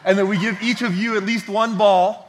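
A pastor preaching a sermon in a church, in a friendly, conversational manner. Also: male voice, high-pitched, steady tone, normal speed, slight background noise.

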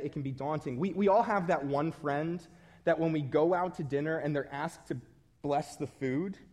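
A man with a slightly high voice preaches a sermon. His delivery is conversational and self-deprecating, relaxed like storytelling among friends.

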